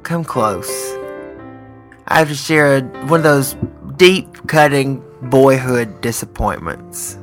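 A man in his thirties co-hosting a comedic podcast, speaking with a mock-earnest, drawn-out comic delivery. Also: medium pitch, fairly bright tone, faint music behind. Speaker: podcast co-host.

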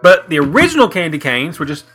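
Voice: medium pitch, sing-song, quick pace. Radio co-host, dry offbeat answers, voice bounces around a lot, music behind. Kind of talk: comedic casual radio chat.

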